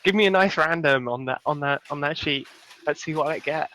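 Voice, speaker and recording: A man playing a tabletop game, thinking out loud with lots of fillers as he picks a spell. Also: fairly high pitch, brisk, a little hiss or hum. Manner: thinks aloud, rambling with fillers. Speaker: player. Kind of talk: casual tabletop game talk.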